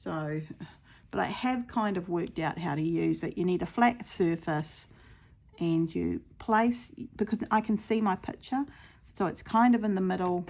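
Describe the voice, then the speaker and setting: A woman casually talking viewers through her stitching, chatty and quick to laugh at her own mishaps. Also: lowish voice, gravelly, darkish tone. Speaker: craft vlogger.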